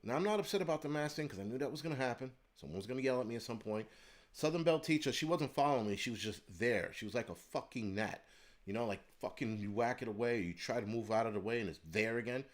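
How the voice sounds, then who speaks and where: A man rants through a story, swearing freely and getting heated as he goes. His voice sits at an ordinary, middle pitch. He talks like a channel host venting straight to his viewers. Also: fast talker. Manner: profane, heated, animated. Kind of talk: ranting storytelling monologue.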